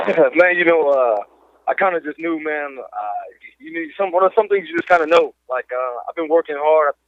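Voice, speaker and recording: A man, a professional fighter, giving a confident, relaxed interview. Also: fairly high pitch, normal speed, no echo. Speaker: guest fighter. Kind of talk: phone interview. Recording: dry tinny phone line.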